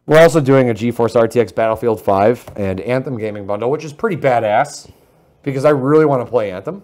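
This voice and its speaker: A man co-hosting a casual tech and gaming livestream, joking and quick to get excited. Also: medium pitch, slight background noise. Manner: joking, excitable, self-mocking. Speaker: livestream co-host.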